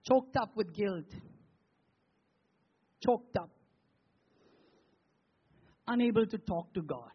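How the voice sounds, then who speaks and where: A man preaching a sermon as pastor, posing rhetorical questions with emphatic pauses. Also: high voice, lively intonation, slightly rough, highs cut off.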